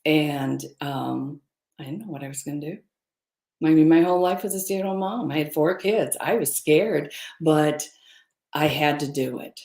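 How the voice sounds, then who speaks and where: A woman's voice: low voice, normal speed, darkish tone, roomy sound. A middle-aged woman candidly telling a personal story as a webinar guest, with hesitant fillers. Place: room, recorded for a webinar.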